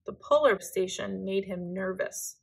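A woman reading a children's picture book aloud in a gentle, expressive storytelling manner. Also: medium pitch, unhurried, gravelly, breathy edge.

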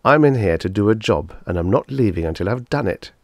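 A man's voice: on the low side, lively intonation, a little fast, dry recording, clean studio sound. A man voicing a determined human man who fights doggedly. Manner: dogged, forceful.

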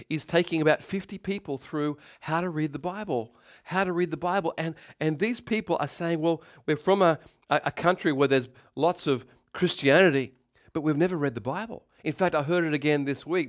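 This middle-aged male pastor preaches with animation, shouting out and performing different voices as he goes. His voice runs somewhat high, and he speaks at a normal pace.

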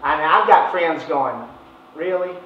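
A man's voice: high-pitched, normal speed, a little hiss or hum. Folksy male sales trainer, casual delivery, dull lo-fi room sound. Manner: folksy, conversational, acts out phone chats. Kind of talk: informal training talk. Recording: echoey, distant, dull room recording.

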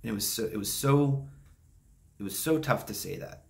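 A young man vlogging, softly telling a painful personal story with halting pauses and restarts. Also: mid-range voice, vocal fry. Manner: soft-spoken, halting and emotional.

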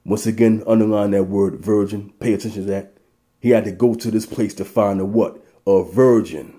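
Low dark-voiced man teaching scripture. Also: fairly even intonation, normal speed. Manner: reads verses aloud, then breaks in to address brothers. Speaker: Bible teacher. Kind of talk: scripture reading with preaching.

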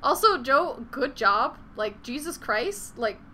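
A woman's voice: high-pitched, very animated, slow pace, bright, forceful tone, slight background noise. A young woman chatting casually on a live gaming stream, swearing freely and venting frustration between laughs. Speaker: game streamer.

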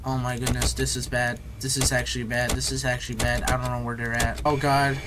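A man's voice: mid-range voice, little pitch movement, brisk, background noise. A man giving let's play commentary, jittery, repeating phrases and calling his viewers bro. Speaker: gamer.

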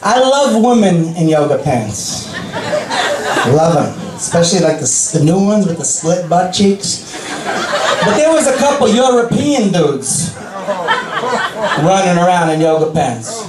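A man's voice: high-pitched, sing-song, measured pace, long pauses, noisy background. A man with a Long Island accent doing a crude, self-mocking stand-up set in a comedy club. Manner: brash, crude punchlines with self-mocking asides. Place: comedy club with a live audience. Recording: roomy club sound from a distant mic with loud crowd.

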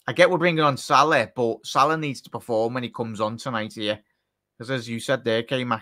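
A man hosting a live football watchalong, chatting to viewers and reacting excitedly to the play. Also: mid-range voice, brisk. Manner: excitable, chatty, addresses chat directly. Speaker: watchalong host.

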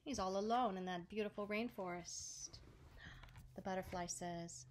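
A woman hosting story time, reading a picture book aloud to children and asking them gentle questions. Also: mid-range voice, unhurried. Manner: gentle, asks the listeners questions.

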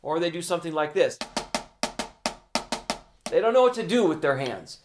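A man's voice: on the high side, very animated, moderate pace, loud music behind the voice. A man teaching a drum lesson, patiently explaining hand motions and counting rhythms aloud as he demonstrates. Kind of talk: instructional lesson.

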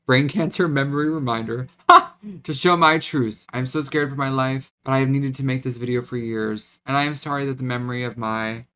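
A man's voice: medium pitch, fairly even intonation, brisk, hardly any pauses, a bit bright, clean tone. A young man in his twenties venting in a confessional vlog, rambling, choked up and close to tears, with frequent restarts. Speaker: vlogger.

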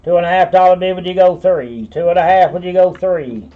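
High-voiced auctioneer man. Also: brisk, narrow, tinny audio. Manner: repetitive bid calling, folksy asides. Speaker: auctioneer and host. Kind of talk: live online auction calling.

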